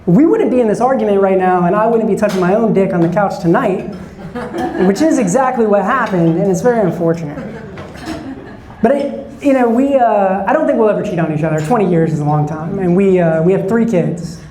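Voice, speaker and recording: A man's voice: sits high, fairly quick, dark tone, roomy sound, low-quality recording. A man in his forties doing a stand-up set, chatting and bantering with the audience from a club stage. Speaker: stand-up comedian. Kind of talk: stand-up set with crowd work.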